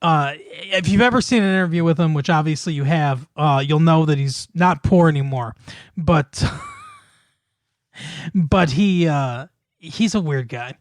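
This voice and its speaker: A man's voice: fairly high pitch, a little slow, no room sound, studio quality. A man in casual chat, retelling a film's plot in a rambling way, with many fillers and restarts and frequent laughs. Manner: swears casually. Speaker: podcast co-host.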